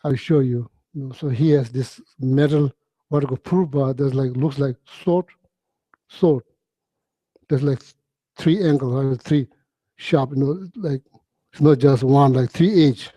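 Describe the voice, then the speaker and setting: Man telling stories in halting, chuckling speech. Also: mid-range voice, warm tone, breathy edge, no echo. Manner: halting, repeats words, chuckles often, chatty. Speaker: Buddhist teacher. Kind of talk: relaxed dharma talk storytelling.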